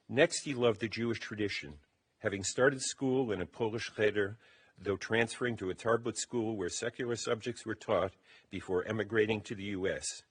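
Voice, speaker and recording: Husky man giving a eulogy. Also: on the low side. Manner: measured, reading from a text. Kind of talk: funeral eulogy, prepared remarks. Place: funeral service.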